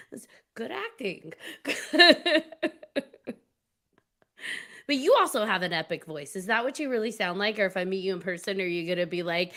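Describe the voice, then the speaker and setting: A woman's voice: medium pitch, lively intonation, normal speed, long pauses, sharp tone. A woman hosting a podcast in casual chat, talking in a rambling way with frequent laughs. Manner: chatty, laughs often, rambling restarts. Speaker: podcast host.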